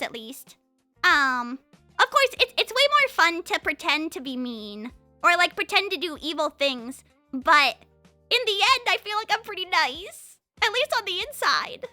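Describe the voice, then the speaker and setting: A young woman streamer chatting casually with her live chat, talking very fast and bubbly. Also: very high voice, bright, forceful tone, no room sound.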